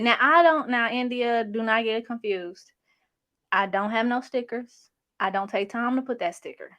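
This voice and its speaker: A woman's voice: a little high, a bit bright. A young adult woman hosting a casual livestream, reading chat comments in a chatty, sassy, slangy way. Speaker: channel host reading live chat.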